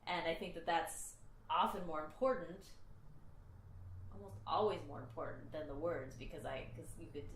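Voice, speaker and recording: A woman's voice: low-pitched, moderate pace. A woman hosting a podcast, thinking aloud in a casual, reflective way. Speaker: podcast host. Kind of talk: casual chat. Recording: echoey room.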